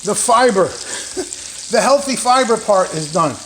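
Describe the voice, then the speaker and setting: Lively, chatty, profane man. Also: high-pitched, slow, slight background noise. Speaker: vlogger. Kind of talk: casual vlog talk. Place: home kitchen.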